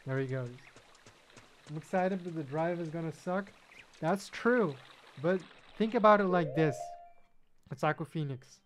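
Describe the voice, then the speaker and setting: A young Belgian streamer chats casually with his viewers while gaming, in a slightly high voice at a measured pace with long pauses. He's friendly, repeats his own phrases, and addresses chat members by name. Game music plays in the background, along with a faint hiss or hum.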